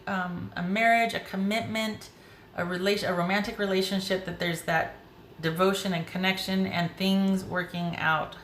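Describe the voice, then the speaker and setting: A woman with a lowish, somewhat bright voice gives a casual tarot reading, chatty and emotional, thinking aloud as she turns the cards. The recording sounds roomy with a faint hiss.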